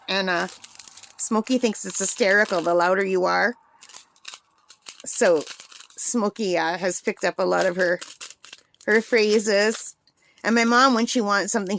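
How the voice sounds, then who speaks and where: A woman's voice: medium pitch, a bit bright, a little hiss or hum. A middle-aged woman talking casually and rambling as she works on a craft vlog, laughing often. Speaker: craft vlogger.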